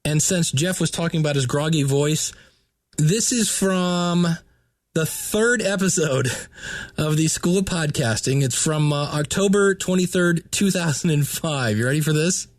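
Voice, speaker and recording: A man's voice: fairly high pitch, unhurried, no echo. A man hosting a podcast, explaining setup tips in a chatty, casual way. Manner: chatty, explanatory, with filler words. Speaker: podcast host.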